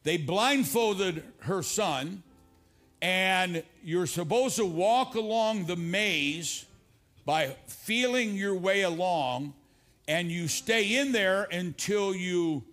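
Older male pastor, high-pitched, preaching to a congregation with soft music under him. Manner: preaching with rising pitch on repeated lines, then dropping low and confiding in stories. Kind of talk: sermon. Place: church stage before a congregation.

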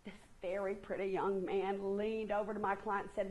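A woman in her fifties giving an energetic motivational presentation, asking the audience questions. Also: mid-range voice, moderate pace, a little hiss or hum, poor audio. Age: 50s. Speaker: keynote speaker. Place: conference room with a live audience.

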